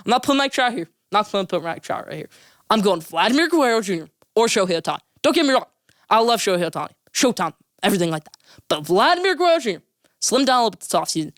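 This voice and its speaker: Fast-talking emphatic young male sports host. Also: extremely high pitch, fairly bright tone, no room sound, clean studio sound. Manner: rapid, emphatic, opinionated, repeats names for emphasis. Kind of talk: solo sports opinion podcast.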